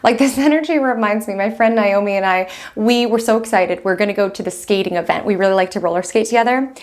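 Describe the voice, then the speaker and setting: A young woman talks animatedly about the week ahead, chatty and quick to laugh. Her voice sits at an ordinary middle pitch. She speaks from a room at home with the window open. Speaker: astrology host. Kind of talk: casual astrology vlog talk.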